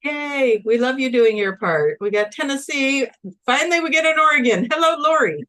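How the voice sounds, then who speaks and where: A woman's voice: high-pitched, expressive, brisk, sharp tone. A woman co-hosting a casual livestream, chatting cheerfully as she reads out where viewers are tuning in from. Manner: upbeat, chatty, reading viewer comments aloud. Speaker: co-host.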